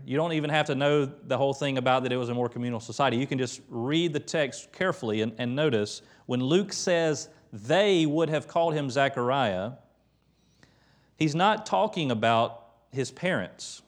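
A man preaching a conversational, emphatic sermon in a church, retelling scripture with lively quoted voices. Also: mid-range voice. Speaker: pastor.

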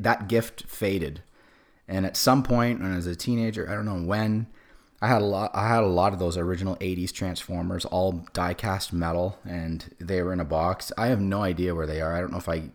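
A man in his forties with a cold, giving a casual sermon as a pastor, with many fillers and restarts. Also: sits low. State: has a cold.

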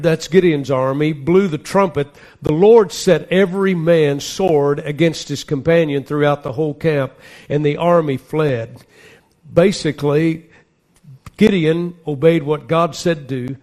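Earnest man preaching, a bit high-pitched. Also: unhurried, a little mellow. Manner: earnest preaching, reads scripture aloud with rising emphasis. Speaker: pastor. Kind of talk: sermon.

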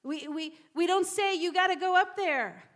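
A woman's voice: very high-pitched, moderate pace, a bit bright. A woman preacher giving a sermon in a church, repeating words and dropping to whispers for emphasis.

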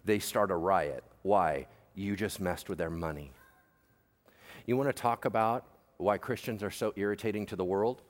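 A male pastor preaching a sermon in a lively, conversational and joking manner. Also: deep voice, normal speed. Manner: animated, jokey, conversational preaching. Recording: long hall reverb.

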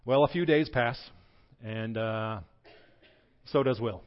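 A man's voice: mid-range voice, slow pace, pauses often. Joking male pastor, dull recording. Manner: joking, conversational. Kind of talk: sermon. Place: church.

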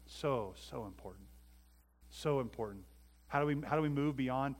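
Guy preaching a sermon, gets loud and emphatic then drops real quiet, keeps asking the room questions. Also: mid-range voice, normal speed. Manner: asks the congregation questions. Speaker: pastor.

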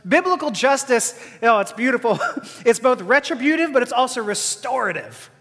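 High, bright-voiced man preaching. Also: very animated, moderate pace. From Texas. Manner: earnest and impassioned, rising to emphatic declarations. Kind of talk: sermon. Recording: long hall reverb.

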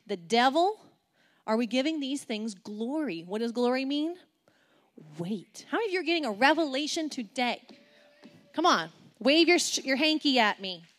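A woman with a fairly high voice preaches a sermon. She is animated and playful, keeps putting questions to the audience, and acts out quotes with sudden leaps in pitch and loudness. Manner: asks the audience many questions.

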